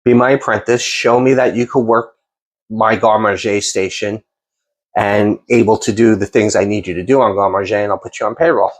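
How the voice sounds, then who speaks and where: A man's voice: on the low side, normal speed. A man, hosting a casual interview and telling long stories with many restarts. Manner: rambling, animated storyteller with many restarts. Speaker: podcast host and chef.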